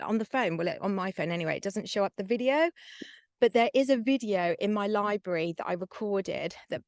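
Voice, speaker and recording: A woman's voice: mid-range voice, vocal fry, dry recording. Woman coach, emphatic affirmations, dry sound. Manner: emphatic, repetitive self-affirming declarations; loose chatty delivery with many fillers. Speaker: manifestation coach. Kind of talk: spoken affirmations and vlog talk.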